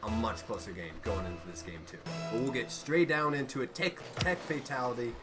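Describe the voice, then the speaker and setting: A man casting a video game match live, excitable and jokey, often trailing off mid-sentence. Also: medium pitch, fairly quick, music in the background. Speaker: esports caster. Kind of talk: live play-by-play commentary.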